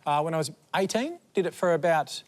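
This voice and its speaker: A man's voice: a little high, expressive, fairly quick. A man captaining a team on a TV panel show, amused and quizzing the other players.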